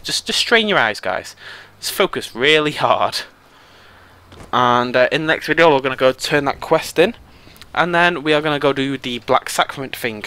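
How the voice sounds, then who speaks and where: A British man casually commentating his gameplay, rambling and joking at his own expense. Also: mid-range voice. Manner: rambling, self-mocking, easily excited. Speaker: let's play host.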